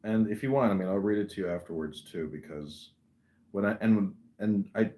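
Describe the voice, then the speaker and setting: A man's voice: on the low side, normal speed, warm tone. A man hosting a podcast, chatting casually with rambling, encouraging talk full of fillers. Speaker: podcast host. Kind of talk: casual chat.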